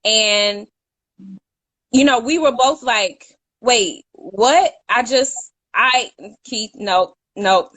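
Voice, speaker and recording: A woman's voice: on the high side, very slow, a bit bright. Chatty woman telling a story. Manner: chatty, self-correcting, laughs at her own slips. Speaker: co-host. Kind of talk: casual storytelling chat.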